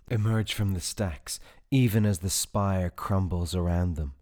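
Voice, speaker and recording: A man reading a fantasy story aloud in a measured, unhurried way. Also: low-pitched, warm tone. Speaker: narrator. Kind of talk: audiobook fiction reading.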